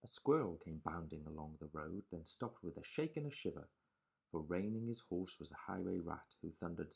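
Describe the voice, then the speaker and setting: A man reading a children's picture book aloud in a lively, sing-song storytelling way. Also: deep voice, moderate pace, gravelly.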